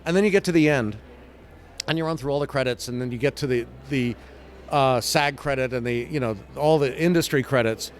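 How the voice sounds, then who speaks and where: An older man from England, a comic book writer being interviewed, telling stories with lively sound effects and acted-out quotes. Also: fairly high pitch, slight background noise. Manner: animated, acts out scenes with sound effects and quoted voices. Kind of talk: casual interview storytelling.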